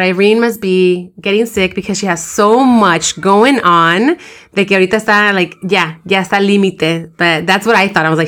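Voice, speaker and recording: A woman's voice: lowish voice, a bit bright. A woman co-host chatting casually, teasing and mixing Spanish words into her English. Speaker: podcast co-host. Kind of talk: casual chat.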